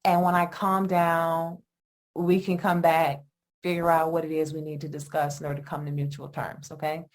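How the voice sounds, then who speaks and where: A middle-aged woman hosting a solo podcast on attachment, talking in an animated, emphatic way with lots of rhetorical questions. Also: sits low, moderate pace. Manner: animated, emphatic, often asks "guess what" and "right?". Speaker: podcast host, attachment educator.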